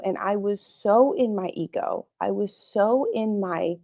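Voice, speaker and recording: A woman's voice: medium pitch, normal speed, few pauses, mellow. Middle-aged woman, psychotherapist guest, heartfelt and reflective in conversation. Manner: earnest, emotional, reflective. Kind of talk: candid interview talk.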